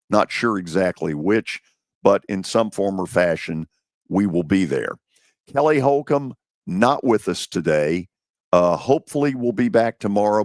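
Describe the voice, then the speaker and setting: Slow-talking man hosting sports radio. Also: lowish voice, dry recording, studio quality. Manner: relaxed, unhurried, drawn-out phrasing with pauses. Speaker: radio show host. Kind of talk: casual sports talk.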